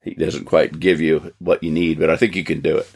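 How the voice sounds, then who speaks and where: Deep gravelly man thinking aloud. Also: little pitch movement, fairly quick, a little mellow. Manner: frequent backchannel agreement, thinks aloud. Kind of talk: casual theological conversation.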